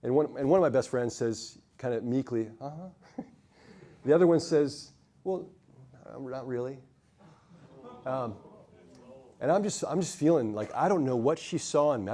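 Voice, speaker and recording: A man giving a conversational sermon at a men's ministry night, telling a childhood story with many restarts and quiet dips. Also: mid-range voice. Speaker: speaker at a men's ministry event.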